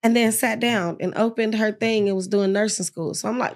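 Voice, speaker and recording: A young woman guest on a podcast, telling a frank, lively personal story in casual talk and acting out the people she quotes. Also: medium pitch, fairly quick.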